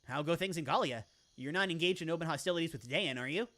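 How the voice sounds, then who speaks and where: Woman voices a blunt young mercenary leader for a game, pitched down, short and gruff. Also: quick pace, fairly bright tone. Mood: firm. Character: young male mercenary commander, blunt and steady.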